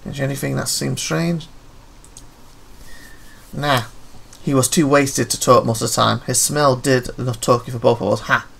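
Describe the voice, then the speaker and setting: A man's voice: medium pitch, fairly even intonation, moderate pace, gravelly, long pauses, breathy edge. A man playing a detective game, reading the characters' dialogue aloud and breaking off into offhand comments of his own. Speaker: let's play gamer.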